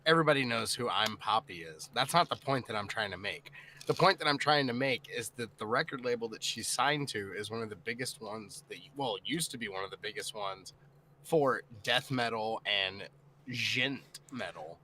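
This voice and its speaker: A man's voice: fairly low pitch, moderate pace, pushed and bright, rough recording. A man co-hosting a casual podcast, wry and teasing, laughing often. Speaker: podcast co-host. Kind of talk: casual group chat. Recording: faint background noise.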